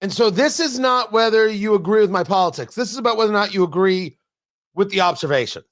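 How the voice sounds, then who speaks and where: A man's voice: high-pitched, fast talker, fairly bright tone. A man hosting a political talk radio show, emphatic and combative with sarcastic asides. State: out of breath.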